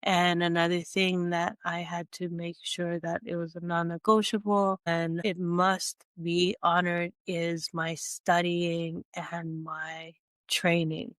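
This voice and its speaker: A woman coach with a stuffy, congested nose, teaching a slow and earnest monologue with frequent restarts. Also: on the low side, little pitch movement, a bit bright, smooth, no room sound. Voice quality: nasal from congestion. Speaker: speaker and coach.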